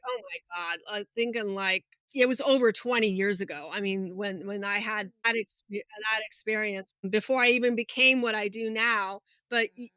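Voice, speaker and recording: Bright, clear-voiced woman telling stories. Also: on the high side, no room sound, studio quality. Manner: lively storyteller, acts out quoted people. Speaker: hypnotherapist guest. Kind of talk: podcast interview.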